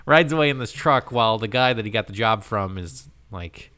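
A man's voice: brisk, clean tone. A man co-hosting a podcast, animatedly retelling a show's plot and acting out the characters' lines. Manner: animated storyteller, acts out quotes with big pitch jumps. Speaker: podcast co-host. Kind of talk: casual chat recapping a show.

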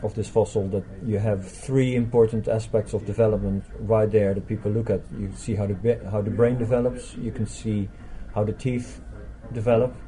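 A man's voice: on the low side, flat delivery, normal speed, hardly any pauses, dark tone, slight background noise, rough recording. A man speaking as a scientist guest in a casual conversation over a meal, hesitant and full of fillers and restarts. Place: busy restaurant.

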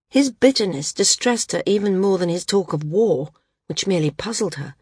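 A woman narrating an audiobook in an even, unhurried reading. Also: mid-range voice, slightly rough, dry recording, studio quality. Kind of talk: scripted narration.

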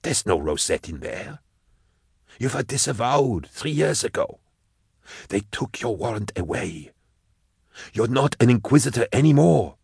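A man voicing an exasperated male inquisitor in an audiobook, pleading with a deluded old colleague, lifting his voice above his usual low register. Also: very animated, a little slow, vocal fry, long pauses, darkish tone, breathy edge, no room sound, studio quality, full character voice. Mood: weary pleading. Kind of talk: audiobook character voice.

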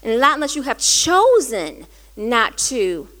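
High-voiced earnest woman sharing a story. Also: slow pace. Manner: earnest, conversational, rising to animated quoted dialogue. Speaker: host. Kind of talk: candid personal storytelling.

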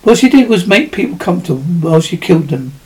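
A man reading a short story aloud in a measured, even way. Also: high voice, rough recording. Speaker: audiobook reader.

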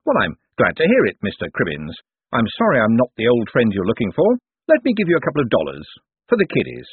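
A man voicing a quick-witted young male swindler turned official, talking smoothly and persuasively. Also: medium pitch, wildly swooping pitch, no room sound, pitched above the performer's own voice, heavily acted. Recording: tinny lo-fi audiobook recording.

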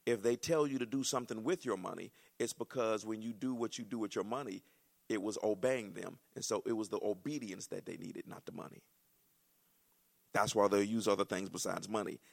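Gravelly preaching man, fiery sermon. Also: on the low side. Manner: preaches with rising, shouting excitement and folksy asides. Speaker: pastor.

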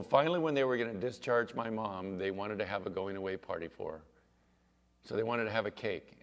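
A middle-aged man preaching a sermon, telling a personal story in an animated storytelling manner. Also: lowish voice. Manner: animated storyteller, rising to excited exclaims. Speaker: pastor.

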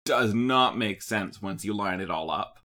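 A man co-hosting a podcast, recapping a cartoon episode in a casual chat and jumping into quick acted-out character lines. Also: on the low side. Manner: animated, acts out characters' lines in quick bursts. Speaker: podcast co-host.

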